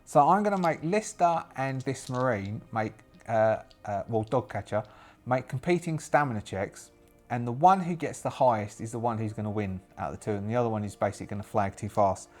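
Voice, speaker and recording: A British man narrating a solo tabletop game as its game master, hesitant and thinking aloud with frequent fillers and restarts. His pitch sits in an ordinary middle range, and faint music plays behind him. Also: expressive, fairly quick, a little mellow. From Britain.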